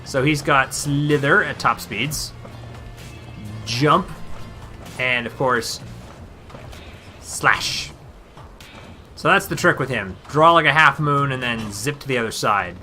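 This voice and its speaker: Bright-voiced man in casual game commentary. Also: mid-range voice, slow, pauses often, soft background music. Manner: relaxed, wry asides. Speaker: let's-play host.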